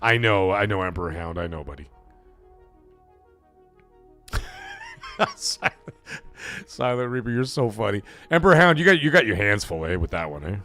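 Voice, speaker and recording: A man's voice: lowish voice, moderate pace, pauses often, faint music behind. A man hosting a live stream, chatting casually and rambling, with frequent swearing. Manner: profane, rambling, animated.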